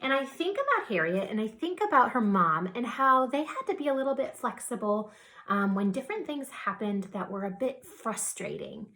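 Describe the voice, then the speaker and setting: A woman teacher reading a picture book aloud to young children, gentle and soothing with soft whispered asides. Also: fairly high pitch, big pitch swings, moderate pace.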